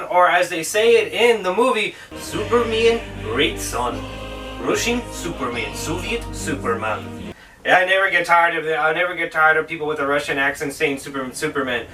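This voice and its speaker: A man's voice: high-pitched, sharp tone, recorded from a distance, poor audio. A man hosting his own film review show, talking in a casual, profane, rambling way.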